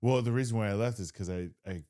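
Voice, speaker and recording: A man's voice: on the low side, fast talker, warm tone. A man co-hosting a podcast chats casually, a little sheepish as he owns up to his side. He backs up his partner's story with short yeahs and easy laughs. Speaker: podcast co-host. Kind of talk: casual chat.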